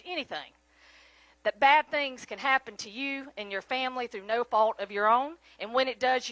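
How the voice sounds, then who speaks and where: A woman's voice: sits high, sharp tone, no echo. A woman with a Middle Georgia Southern accent giving a folksy, chatty rally speech, often turning to the crowd with questions. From Middle Georgia, USA. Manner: folksy, chatty, keeps asking the crowd "right?". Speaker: state senator and candidate.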